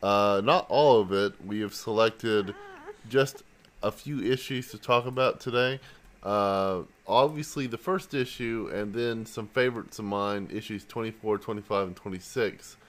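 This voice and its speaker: Easygoing lower-voiced male co-host. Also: measured pace. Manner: easygoing, reads notes aloud with fillers. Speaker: podcast co-host. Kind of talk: casual podcast chat.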